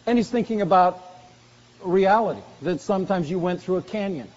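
A man preaching a sermon earnestly, slowing down for emphasis and dropping soft on key phrases. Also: sits high. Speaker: pastor. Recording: dull lo-fi recording in a reverberant hall.

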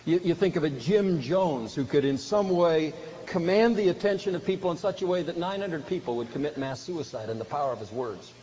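A man delivers a sermon in an earnest, emphatic way, pressing hard on his key points. His voice sits a little high. The recording is dull, with faint hiss underneath. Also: brisk, dark tone. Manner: earnest, emphatic preaching that swells with feeling. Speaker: preacher.

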